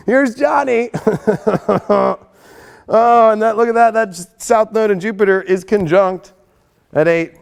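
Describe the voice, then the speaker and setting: High-voiced guy doing his weekly astrology rundown, cussing a lot, gets hyped then goes all hushed and serious. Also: slow, creaky, long pauses, clear, resonant tone. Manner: excitable, profane, swings between hyped and hushed. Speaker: astrology show host. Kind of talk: casual astrology forecast.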